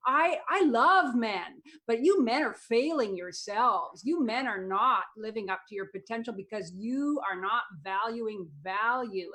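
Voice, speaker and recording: A woman plays a self-important young woman pundit who lectures men about their failings. The delivery is preachy and pushy, raised in pitch and loudness above her normal talk. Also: natural voice.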